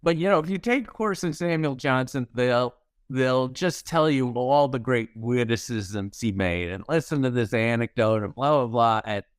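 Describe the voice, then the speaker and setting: Man telling wry anecdotes, smooth dry voice. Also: mid-range voice, expressive, moderate pace, no echo. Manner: wry anecdotes, acts out quoted lines. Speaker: guest comedy writer. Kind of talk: storytelling interview chat.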